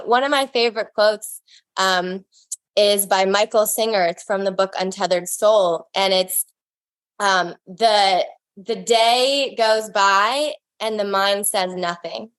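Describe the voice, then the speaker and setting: A woman's voice: mid-range voice, clear, resonant tone, no echo. A woman in a casual podcast conversation, speaking reflectively and explaining ideas through quotes and examples.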